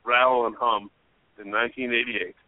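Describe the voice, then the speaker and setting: A man co-hosting a comedy show, spinning crude, rambling riffs in easy casual chat. His voice sits mid-pitched and dry, squeezed thin like a phone call. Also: steady tone, normal speed, dry recording. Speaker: co-host.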